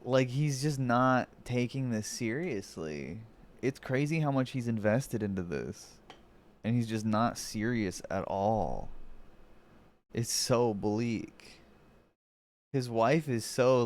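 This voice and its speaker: A man streaming casual reaction commentary, excitable and swearing freely. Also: medium pitch, slow pace.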